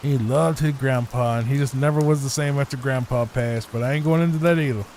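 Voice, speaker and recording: Talking a little fast in a mellow, mid-range voice, a gaming YouTuber gives loose sleep-time commentary over gameplay. He wanders and repeats himself, speaking into a desk mic at his home computer with slight background noise.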